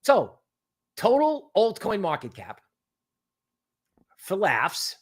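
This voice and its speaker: A man hosting a casual crypto market stream, talking in an animated, rambling way full of asides. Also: high voice, takes it slowly, husky. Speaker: crypto market show host.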